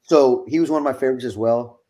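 Middle-aged male guest, lively storyteller who swears and laughs, streaming mic. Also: medium pitch, fast. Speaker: wrestling guest. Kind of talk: casual storytelling.

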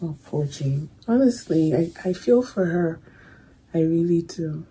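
A young woman casually talking through her reaction to a movie, emotional and soft-spoken, fond with her viewers. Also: lowish voice, expressive, a little slow, husky, rough recording.

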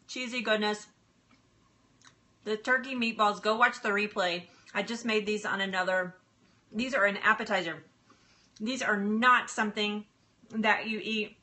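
Middle-aged woman, bright tone, laughing cooking host chatting live from her kitchen. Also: medium pitch. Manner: chatty, laughs often, apologetic, stalls with fillers. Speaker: livestream cooking host and health coach. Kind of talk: casual live-stream chat while cooking. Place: home kitchen.

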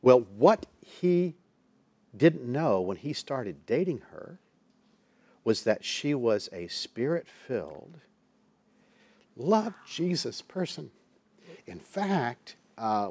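A man's voice: mid-range voice, a little mellow, no room sound. A man, a Christian counselor and minister, tells a personal story as a guest in a TV interview, acting out the people he quotes.

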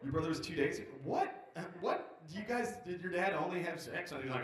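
A man in his forties doing live stand-up, teasing the audience and riffing with wry, sudden loud outbursts. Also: on the high side, lively intonation, a little fast, distant mic. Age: 40s. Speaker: stand-up comedian. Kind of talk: live stand-up with crowd work. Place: lodge performance room. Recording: echoey room recorded from afar.

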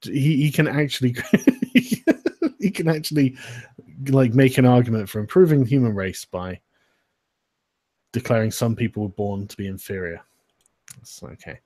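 Casual male stream host, husky, laughing and swearing, dry close sound. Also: medium pitch, expressive, moderate pace, long pauses, dark tone, no room sound. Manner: laughing, swearing, loose and joking. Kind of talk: casual livestream chat.

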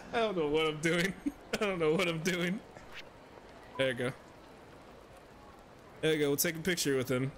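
A man's voice: a little high, unhurried, long pauses, slight background noise. A young man streaming a video game, giving casual, profane commentary and laughing often. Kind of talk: casual let's-play commentary.

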